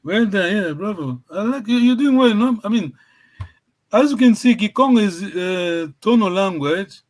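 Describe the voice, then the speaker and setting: A man teaching a language class in a high voice, often praising his students. He talks haltingly, repeating and restarting his phrases as he explains. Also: lively intonation.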